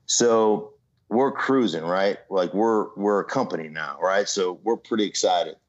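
Man spinning a lively business story, slightly muffled. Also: sits low, measured pace. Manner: animated storyteller, mimics other voices, many "right?" asides. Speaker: guest, former football player and entrepreneur. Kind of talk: storytelling in an interview. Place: remote from home city.

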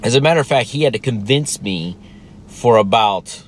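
Man telling a family story over faint rumble. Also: lively intonation, normal speed. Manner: conversational, with frequent restarts and reported dialogue. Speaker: father telling a parenting story. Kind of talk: casual storytelling monologue.

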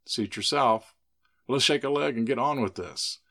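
A man's voice: medium pitch, moderate pace, a bit bright, voice pushed up, close to an everyday voice. A man voicing a swaggering, teasing young man, the sheriff's son, in a spoken story. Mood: brusque.

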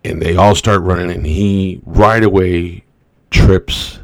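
Man, low and gravelly, rambling motivational storyteller, dry close sound. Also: fairly even intonation, takes it slowly, dry recording. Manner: rambling, loose, full of "you know" asides.

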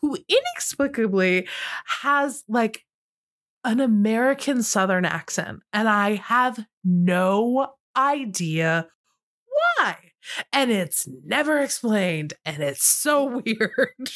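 A woman's voice: fairly high pitch, lively intonation, slow pace, fairly bright tone. A woman co-hosting a podcast, talking about a movie in a chatty, emphatic way and laughing often. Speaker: podcast co-host. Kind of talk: casual movie review chat.

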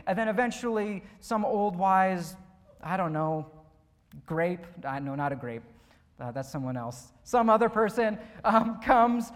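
A man's voice: sits high, animated, a little slow, in a large hall. A man preaching a conversational sermon in a church, chatty and full of fillers, often asking the congregation questions.

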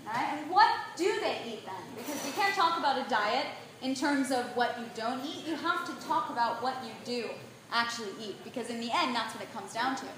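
A woman giving an animated lecture on diet to a live audience, often checking in with a quick "right?". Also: sits high. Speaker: nutrition speaker. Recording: very echoey room, faint background noise.

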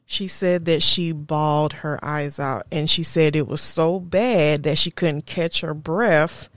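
Slow, low-voiced woman. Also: no echo, studio quality. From Houston, Texas area. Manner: slow, reflective, candid storytelling. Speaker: podcast host. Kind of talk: personal monologue.

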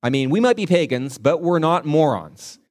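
A man's voice: on the high side, expressive, normal speed, pitched above the performer's own voice, lightly acted. A man voicing frightened, blunt sailors who question a stranger in an exasperated way.

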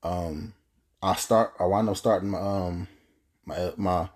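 A man's voice: sits low, steady tone, slow pace, a little mellow. A young man telling a personal story in a casual, earnest, rambling way, full of restarts. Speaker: podcast host telling his story.

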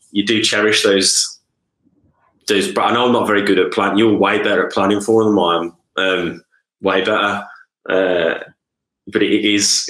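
A man with a very low voice chats casually as co-host, meandering through his thoughts and tagging his sentences with "isn't it?". The room around him rings with echo, so his voice sounds roomy rather than close. His talk is relaxed and unscripted. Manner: rambling, with frequent "isn't it?" tags. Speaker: podcast co-host, company co-founder. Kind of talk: casual chat.

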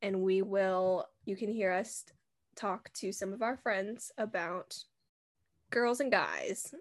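A young woman co-hosting a casual podcast, telling stories in a giggly, animated way and acting out what people said. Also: mid-range voice, slow pace. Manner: giggly, animated storytelling with acted quotes. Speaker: podcast co-host. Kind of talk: casual chat.

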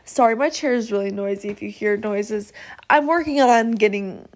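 A young woman hosting her own podcast, telling a story in a chatty, animated way and often checking in with "okay?". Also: mid-range voice, moderate pace. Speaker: podcast host. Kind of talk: casual storytelling monologue. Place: home, seated in a noisy chair.

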